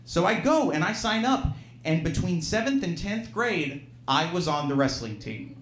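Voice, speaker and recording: A man's voice: high voice, very animated, moderate pace, fairly bright tone. A man from Alabama telling a true story at a live storytelling show, self-deprecating and laughing through his lines. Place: live venue stage, audience present. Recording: roomy live venue sound.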